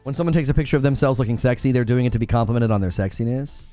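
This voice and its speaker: A man's voice: medium pitch, rapid-fire, dark tone, soft background music. An American man hosting a co-stream, chatting casually and rambling, with many fillers. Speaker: co-stream host. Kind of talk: casual chat.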